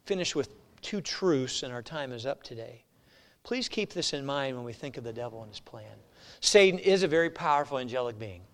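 A man pastor preaching a sermon, emphatic and swinging between loud declarations and hushed asides. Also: mid-range voice, animated, fairly quick, in a large hall.

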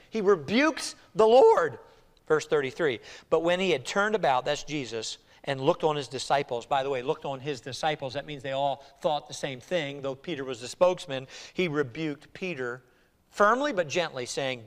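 A man preaching an expository sermon as pastor, animated and acting out the voices of people he quotes. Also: fairly high pitch, moderate pace. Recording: long hall reverb.

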